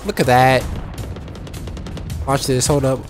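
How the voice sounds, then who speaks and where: A gamer giving excited, trash-talking commentary while playing a shooter game. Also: mid-range voice, takes it slowly. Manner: hyped, whooping, trash-talking. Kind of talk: live gameplay commentary. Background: faint game music and gunfire.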